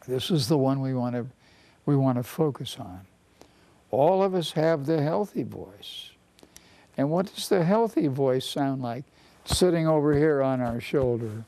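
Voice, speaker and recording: A man, a family therapist, giving an earnest teaching talk on self-esteem, repeating phrases and slowing down for emphasis. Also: on the high side, warm tone.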